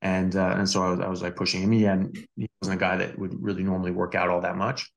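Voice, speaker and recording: A man in Australia with a deep, gravelly voice tells a personal story quickly and conversationally, sounding like a doctor chatting on a podcast. His anecdotes are animated and relaxed, and he often restarts sentences and fills gaps with "you know" and "like."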